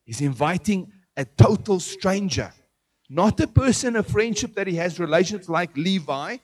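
A man preaching a sermon in an animated way, asking his listeners questions as he teaches. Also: high-pitched, moderate pace. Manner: animated, asks the audience questions.

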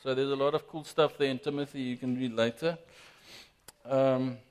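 A man preaching a sermon as pastor, emphatic and lively, often addressing the congregation directly. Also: medium pitch, normal speed, clear, resonant tone. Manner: lively, emphatic preaching with frequent "guys" and "amen".

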